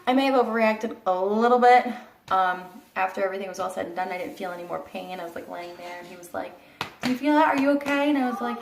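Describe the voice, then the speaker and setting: A young woman vlogger casually telling a story to camera, animated and blunt, acting out the quotes and swearing now and then. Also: medium pitch, quick pace, creaky, background noise. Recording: echoey room, voice a bit far from the mic.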